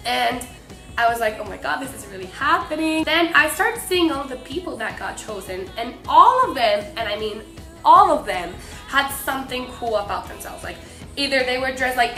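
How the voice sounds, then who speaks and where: A young woman from Mexico excitedly telling a fan story to camera, breathless and bubbly, full of "like". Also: high voice. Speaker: vlogger. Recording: echoey room with faint music.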